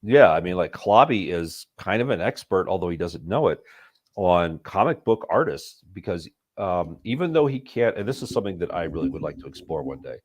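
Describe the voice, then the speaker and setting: Man, sick, very deep voice, thoughtful rambling chat. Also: very animated, fairly quick. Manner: thoughtful, digressive. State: sick, rough voice. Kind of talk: casual chat.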